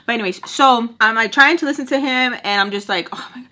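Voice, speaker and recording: A woman's voice: on the high side, fast, pushed and bright. A young woman chatting casually through a storytime while doing her makeup at home, rambling through asides and slipping in Spanish words. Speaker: storytime vlogger. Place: at home, getting ready at a makeup table.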